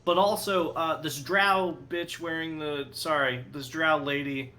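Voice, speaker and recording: A man's voice: on the high side, fairly even intonation, measured pace, sharp tone. A man playing a tabletop game character, blunt, joking and rambly. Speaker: player. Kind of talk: casual tabletop role-play.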